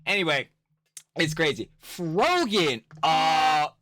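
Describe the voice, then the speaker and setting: A man's voice: a little high, sing-song, takes it slowly, sharp tone, dry recording, faint music behind. A man doing casual reaction commentary, ranting in a profane, rambling, slangy way. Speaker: commentary YouTuber.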